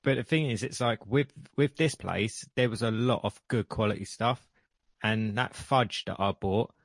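A man, chatting in a relaxed way on a podcast, often saying "like". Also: lowish voice, normal speed, dry recording, clean studio sound. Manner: relaxed, chatty, uses "like" a lot. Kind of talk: casual chat.

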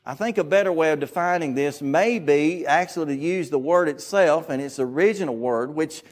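A man preaching a sermon in a Southern US accent, his voice pitched fairly high for a man. He delivers it in an earnest, emphatic way. He leans on his key phrases and says them again. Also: moderate pace.

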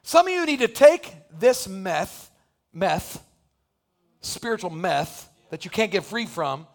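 A man with a strikingly high voice preaching a sermon to his congregation. He moves from quick, joking asides to loud, fervent exhortation, pushing his voice up as he presses his point. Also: big pitch swings. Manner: impassioned preaching that builds to shouting. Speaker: pastor. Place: church sanctuary.

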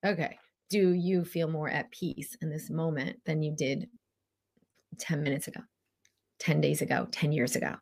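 A woman's voice: low voice, fairly even intonation, moderate pace, gravelly, long pauses, darkish tone, husky. A middle-aged woman, a spiritual coach, talking casually and animatedly, full of fillers and acted-out quotes. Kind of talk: casual motivational talk.

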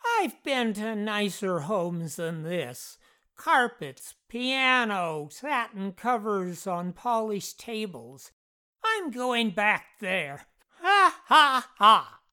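The narrator voicing a rude, boastful talking mongoose spirit who screams insults in a high, shrill voice. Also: big pitch swings, drawn-out words, bright, forceful tone, exaggerated voice.

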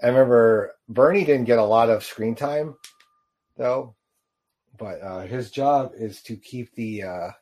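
A man giving casual reaction commentary on a short film, rambling and halting with lots of fillers. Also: mid-range voice, a little mellow. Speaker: video reactor.

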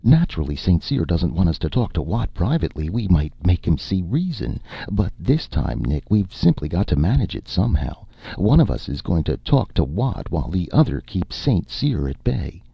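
A man voicing a brisk, insistent woman agent. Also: sits low, sing-song, gravelly, breathy edge, no room sound, pitched above the performer's own voice, full character voice. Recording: dull lo-fi, dry.

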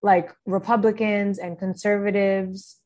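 A woman's voice: mid-range voice, little pitch movement, a little slow, a little mellow. Chatty woman podcast co-host. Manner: candid, chatty, reads out posts. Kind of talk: casual chat.

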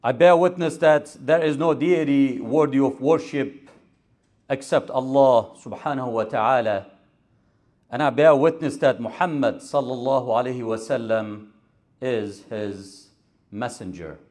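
An imam giving a Friday sermon from a mosque pulpit, with a repetitive rhetorical cadence and Arabic recitation. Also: male voice, mid-range voice, unhurried, a little mellow.

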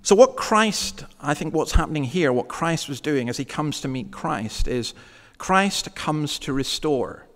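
A man's voice: on the high side, animated, a bit bright. Conversational male preacher in a reverberant hall. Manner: conversational preaching, slows for emphasis. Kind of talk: sermon.

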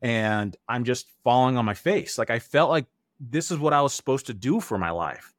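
A man's voice: medium pitch, animated, normal speed, dry recording, clean studio sound. A man in his thirties, an interview guest, telling his own story in a candid, earnest way and acting out remembered quotes.

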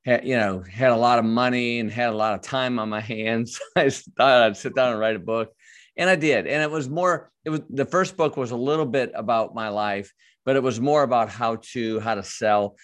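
A man's voice: mid-range voice, normal speed, a bit bright, no room sound. A man from Texas, a business coach and author chatting as a podcast guest, effusive and full of fillers. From Texas, USA. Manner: effusive, chuckling, many fillers. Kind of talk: casual interview chat.

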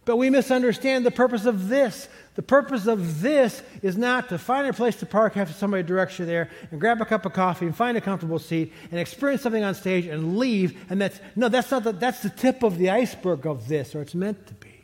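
A middle-aged man preaching a sermon as pastor, conversational and animated, chuckling now and then. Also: high voice, a little fast, hardly any pauses. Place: large church sanctuary. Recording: long hall reverb from a church sanctuary.

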